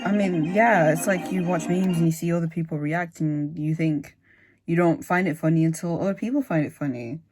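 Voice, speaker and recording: A woman talks through a video reaction in a loose, musing way, full of fillers and self-corrections. Her voice sits a little low for a woman. Clear music plays underneath her. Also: moderate pace, darkish tone. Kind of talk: casual video reaction commentary.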